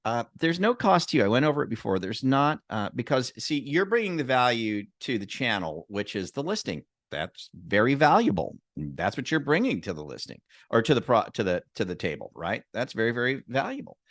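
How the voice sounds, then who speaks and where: A man in a relaxed talk shares a story with lots of energy. He acts out the other people's lines in his own voice. His voice has a middling pitch, and the sound is close and dry with no room echo. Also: a little fast, hardly any pauses. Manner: animated storyteller, acts out quotes. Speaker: loan officer. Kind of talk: casual storytelling chat.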